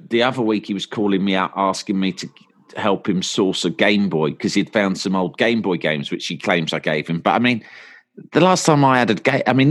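A man, a podcast guest telling long, animated stories and putting on voices for his friends in quotes. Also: on the low side. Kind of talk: casual storytelling.

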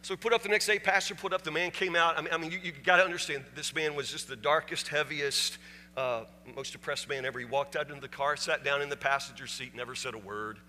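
Bright-voiced man preaching in a reverberant hall. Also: fairly high pitch, steady tone, fast. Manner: repeats words when stressing a point, rising to near-shouting climaxes. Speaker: pastor. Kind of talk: sermon with storytelling. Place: church sanctuary. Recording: long hall reverb, faint hum.

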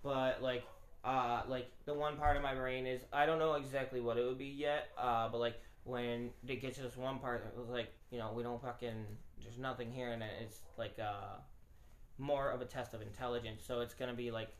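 A man's voice: medium pitch, little pitch movement, normal speed. Hesitant man, echoey room. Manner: hesitant, full of fillers. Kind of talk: casual chat.

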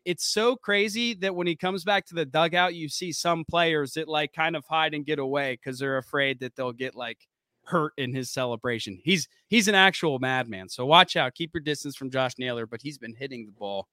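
Co-host type: excitable man with a bright, crisp voice, rambling through sports chat in a dry, close sound. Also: a little high, normal speed, dry recording. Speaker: podcast co-host. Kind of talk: casual sports podcast chat.

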